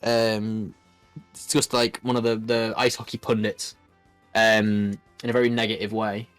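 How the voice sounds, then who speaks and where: A man's voice: lowish voice, little pitch movement, a little slow, a bit bright, smooth, no room sound, faint music behind. A man commentating a card game match in a loose, rambling way, full of restarts. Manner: rambling, lots of fillers and restarts. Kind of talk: casual play-by-play commentary.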